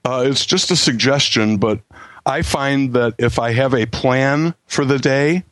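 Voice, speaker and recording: A man's voice: medium pitch, unhurried, fairly bright tone, no echo. Guest author man, stammering enthusiasm. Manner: stammering restarts, enthusiastic self-promotion. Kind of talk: casual podcast chat.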